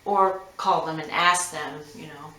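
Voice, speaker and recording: A woman's voice: low-pitched, steady tone, a little slow, pushed and bright. A woman massage therapist giving frank, numbered advice to her clients. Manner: frank, instructive, lists numbered tips. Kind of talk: direct advice monologue. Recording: roomy echo.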